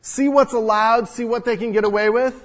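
A man's voice: extremely high pitch, steady tone, moderate pace. A man preaching a sermon as pastor, teaching earnestly, asking rhetorical questions and speaking to the congregation directly. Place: church hall with congregation. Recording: long hall reverb.

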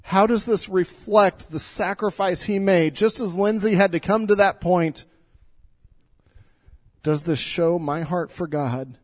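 Earnest higher-voiced male pastor preaching. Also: unhurried, no room sound. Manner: earnest, pleading, repeats words. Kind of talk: sermon. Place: church.

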